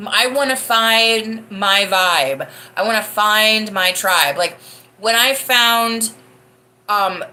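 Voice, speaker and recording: A young woman hosts a live podcast, rambling casually and laughing often as she answers viewer comments. Her medium-pitched voice is bright and forceful, with a slight hiss or hum.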